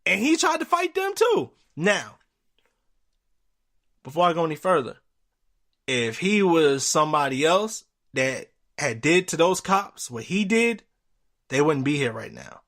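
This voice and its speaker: Guy telling a wild story on his podcast, fairly high voice, jumps all over when he quotes people. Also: a little slow, long pauses. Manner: animated, acts out quotes with jumps in pitch, swears freely. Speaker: podcast host. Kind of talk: casual storytelling monologue.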